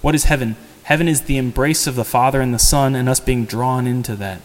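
Conversational priest in a reverberant church. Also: male voice, mid-range voice, steady tone, brisk. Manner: conversational, asks the congregation rhetorical questions. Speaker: priest giving a homily. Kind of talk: sermon.

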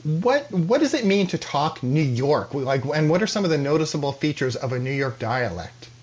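A man hosting a radio interview, reading out a measured introduction and asking questions. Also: on the high side, very animated, darkish tone. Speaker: radio show host. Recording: dull lo-fi radio sound.

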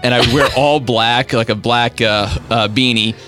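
A man's voice: mid-range voice, fairly even intonation, normal speed, over music. A young man hosting a radio show, chatting casually in a laid-back, rambling, self-deprecating way. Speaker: radio host. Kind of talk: casual chat.

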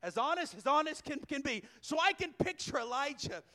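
A man preaching a sermon, telling a scripture story with animated delivery, chuckling and raising his voice for emphasis. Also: very high-pitched, fairly quick. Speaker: pastor.

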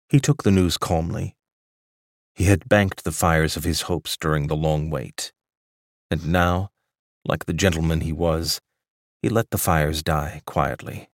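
Deep-voiced male fiction narrator. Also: vocal fry, no echo, clean studio sound. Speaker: audiobook narrator.

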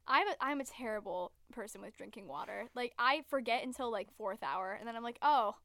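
Teen girl podcast co-host, high voice, rambly and giggly, dry close mic. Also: a little fast, pushed and bright, dry recording. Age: teens. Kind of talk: casual chat.

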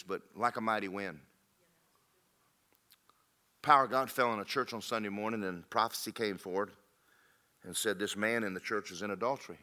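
Guy preaching in a church, bright punchy voice, lowish, gets loud then drops quiet. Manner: storytelling, rising to emphatic peaks then dropping low. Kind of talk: sermon.

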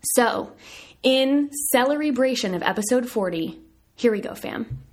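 A woman's voice: on the high side, animated, unhurried. A young woman from southern Virginia hosting her own podcast, talking in a bubbly, chatty, self-deprecating way. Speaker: podcast host. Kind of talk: casual solo podcast chat.

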